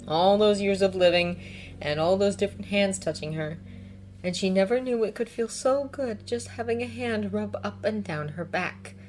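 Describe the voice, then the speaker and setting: A woman reading fan fiction aloud in a calm, even storytelling manner. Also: medium pitch, slight background noise. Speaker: fanfiction reader. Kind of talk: audiobook narration.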